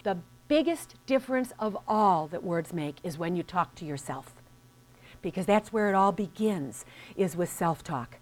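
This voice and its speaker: A woman's voice: fairly low pitch, lively intonation, moderate pace. A woman business coach giving a scripted motivational lesson, speaking earnestly and directly to the listener.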